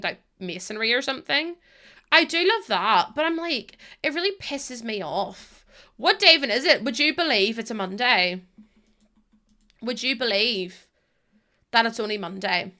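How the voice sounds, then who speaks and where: A woman's voice: on the high side, lively intonation, moderate pace, pushed and bright. A young woman streaming a building game, chatting casually with her viewers, laughing and swearing as she goes. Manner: chatty, swears, laughs a lot, talks to chat. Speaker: Twitch streamer. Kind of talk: casual chat while gaming.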